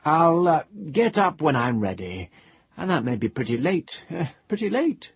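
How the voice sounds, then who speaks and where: Male reader doing a drunk, overly polite gentleman guest, voice raised and husky, in a storybook reading. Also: on the high side, big pitch swings, moderate pace, no echo, pitched above the performer's own voice, exaggerated voice. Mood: tipsy, genial. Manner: slurred exaggerated civility, sing-song. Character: tipsy middle-aged gentleman hotel guest, pompous. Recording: dull lo-fi recording.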